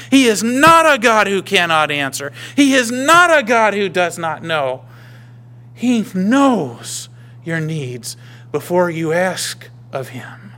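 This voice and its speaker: A male pastor preaching a sermon, emphatic, swinging between raised declarations and hushed whispers. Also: high-pitched.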